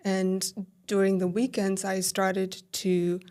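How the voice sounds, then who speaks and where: A woman speaks as a podcast guest at a mid-range pitch, recounting her own experience candidly. She talks loosely, leaning on fillers and voicing her own past thoughts as little quoted asides. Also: slow pace, clean tone. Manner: animated retelling with quoted inner dialogue, filler-heavy. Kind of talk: candid conversational storytelling.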